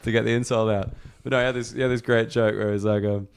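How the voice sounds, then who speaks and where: A man's voice: lowish voice, steady tone, quick pace, gravelly, smooth. A young Australian man hosting a podcast, chatting casually, swearing freely and laughing through loose anecdotes. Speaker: podcast host.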